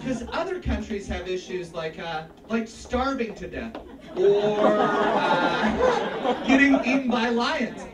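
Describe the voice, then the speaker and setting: A man's voice: high voice, lively intonation, takes it slowly, a loud crowd, heavy background noise. A man performing live stand-up in a comedy club, playful and sarcastic, with frequent exclamations. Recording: roomy club, distant mic, loud audience.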